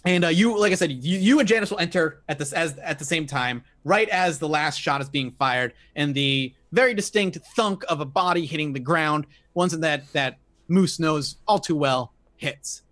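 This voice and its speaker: A man with a fairly high voice narrates a horror tabletop game as game master. He paints scenes slowly and deliberately, with a few fillers and restarts along the way. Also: a bit bright, no room sound, studio quality. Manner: descriptive narration with fillers, slowing for atmosphere.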